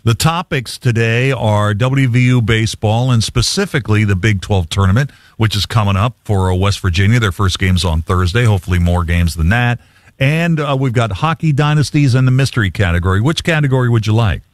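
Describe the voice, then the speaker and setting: A man's voice: on the low side, lively intonation, brisk, dry recording. A man hosting a sports radio call-in show, chatty, reading trivia with easy asides.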